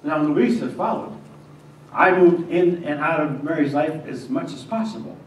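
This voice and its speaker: A male pastor playing a devout young carpenter, telling his story in the first person with stammers and swings between hushed and agitated moments. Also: a little high, moderate pace, lightly acted. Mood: earnest. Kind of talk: first-person dramatic monologue in a church. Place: church sanctuary. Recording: echoey church from a distance, faint hiss.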